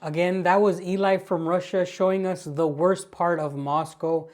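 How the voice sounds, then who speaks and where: A woman's voice: lowish voice, steady tone, normal speed, darkish tone. An American woman hosting her channel, talking straight to viewers in amused, mocking commentary on clips. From United States. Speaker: channel host.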